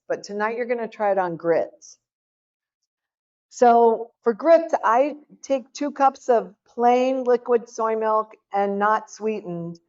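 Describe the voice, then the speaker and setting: A middle-aged woman from Oklahoma talks an audience through a recipe in an easy, folksy way, checking in with them often. She speaks slowly and unhurried. The sound is dull and a bit lo-fi. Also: medium pitch, darkish tone. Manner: chatty, folksy, addresses the audience directly. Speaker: cooking demonstrator at a health seminar. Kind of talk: casual cooking talk to an audience.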